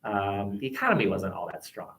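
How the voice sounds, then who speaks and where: A man's voice: on the low side, very animated, brisk, gravelly, fairly bright tone. A man with an American accent teaching a history class, talking in a chatty, digressive way with many restarts. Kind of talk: classroom discussion. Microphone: webcam.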